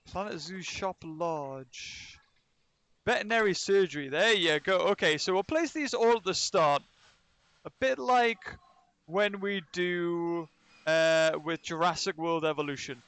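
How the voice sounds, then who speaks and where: A man with a high, bright voice talks slowly through a zoo-building game on a livestream, chatting and replying to viewers as he goes. He sounds casual and a little scattered. Faint music plays under his desk-mic voice. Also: smooth, no echo. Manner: chatty, reads and answers live chat while playing. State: recovering from illness. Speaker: let's play streamer.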